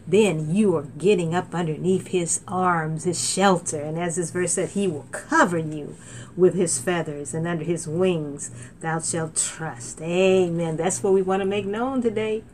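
A middle-aged woman minister preaching a sermon with fervent, animated delivery, often saying amen, recorded on a laptop. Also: fairly low pitch, unhurried, a little hiss or hum. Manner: fervent, animated, frequent amens. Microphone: laptop mic.

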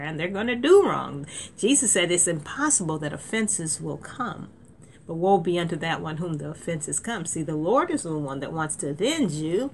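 A woman's voice: lowish voice, a bit bright. A woman preaching an informal sermon, conversational and emphatic, with frequent laughs and restarts.

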